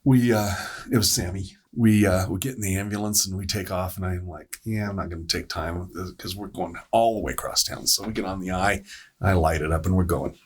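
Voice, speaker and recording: A male paramedic telling a story to a podcast panel, with a deep, husky voice. He talks casually and acts out what others said. His tone shifts between quoted speakers. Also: a little fast.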